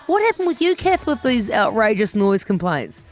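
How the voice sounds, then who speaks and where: A woman with a New Zealand accent hosting a casual radio chat, chatty and quick to laugh. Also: mid-range voice, sing-song. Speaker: radio host. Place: radio studio.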